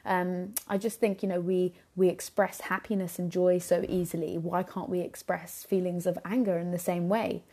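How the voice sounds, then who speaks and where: A young adult woman talks alone into her podcast microphone about parenting. Her voice sits a little low and sounds warm and mellow. She stays earnest and reflective and often adds "you know". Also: level tone, moderate pace, few pauses. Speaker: podcast host. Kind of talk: solo podcast talk.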